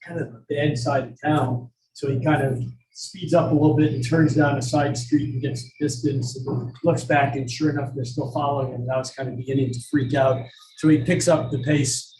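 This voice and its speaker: A man's voice: mid-range voice, flat delivery, normal speed, a little mellow, low-quality recording. A man hosting a live astrology evening, telling stories and chatting in a rambling, self-deprecating way full of fillers, at a coffeehouse event. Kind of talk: casual live talk and storytelling.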